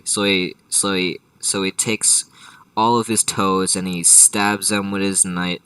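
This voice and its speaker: A man's voice: sits low, bright, forceful tone, dry recording, recorded from a distance, poor audio. Man, improvised comic storyteller, rambling, profane, lots of restarts, dry room. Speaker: storyteller host.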